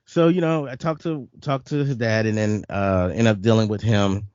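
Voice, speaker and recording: A man's voice: fairly low pitch, moderate pace, a little mellow, no room sound, muffled recording. A man co-hosting a podcast, telling a long personal story in casual chat, repeating words and laughing often. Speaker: podcast co-host.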